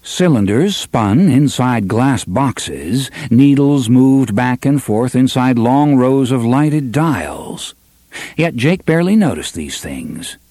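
A man narrates a novel with expressive, dramatic storytelling, speeding up and slowing down for effect. His voice is husky and mid-pitched with a lively melodic range. The recording is dry and close. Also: dry recording. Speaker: audiobook narrator. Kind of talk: scripted narration.

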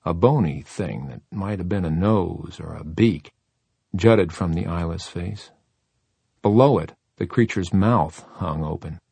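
Low gravelly guy reading a scary audiobook, slow and deliberate, raspy. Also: darkish tone, dry recording. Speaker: audiobook narrator. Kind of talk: horror audiobook narration.

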